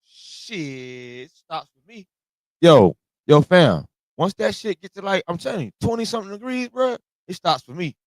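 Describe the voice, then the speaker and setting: A man's voice: sits high, very animated, fairly quick, dry recording. A man hosting a reaction video, talking casually in slang and joking about the cold, getting over a cold. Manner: slangy, laughing, exaggerated complaints. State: has a cold.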